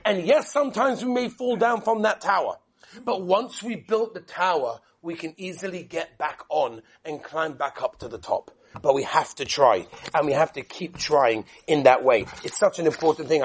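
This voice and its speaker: High-voiced animated male Torah teacher. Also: husky. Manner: animated, quick, with Hebrew and Yiddish terms. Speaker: Torah lecturer. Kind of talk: spoken Torah class with parables.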